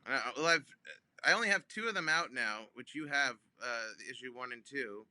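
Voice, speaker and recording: A comedian, a man, telling a funny phone-call story in an animated way, with many ums and restarts, acting out both sides. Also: medium pitch, moderate pace, dry recording. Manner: acts out both sides of phone calls with big voice jumps. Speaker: comedian guest.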